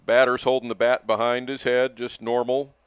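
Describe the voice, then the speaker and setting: An older man calling live baseball as lead announcer, measured and matter-of-fact. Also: mid-range voice, little pitch movement, clear, resonant tone, no room sound.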